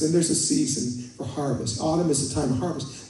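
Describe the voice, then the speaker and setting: A pastor with a somewhat high, dark-toned voice preaches at a moderate pace, barely pausing. His sermon in the church sanctuary is conversational and full of stories and calls to the congregation, swelling into fervent prayer, all picked up from afar in an echoing hall.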